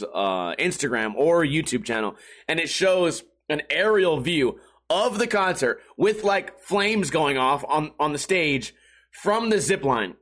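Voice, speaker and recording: His voice is on the high side with a fairly bright tone as he delivers a casual storytelling monologue. He rambles, swears and laughs often.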